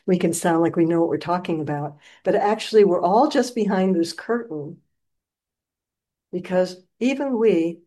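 A woman's voice: lowish voice, normal speed, warm tone, rough recording. Woman giving a playful dharma talk. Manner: playful storytelling, acting out scenes. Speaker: meditation teacher.

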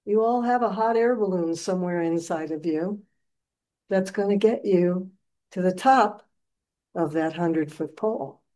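A woman's voice: lowish voice, a little slow, mellow, rough recording. A woman who teaches meditation, giving a dharma talk with playful storytelling in which she acts out scenes.

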